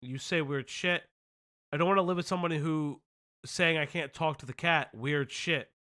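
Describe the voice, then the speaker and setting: Bright-voiced, profane male streamer. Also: on the high side, moderate pace. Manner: profane, exasperated, sarcastic reacting. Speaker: commentary streamer. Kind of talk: live-stream commentary.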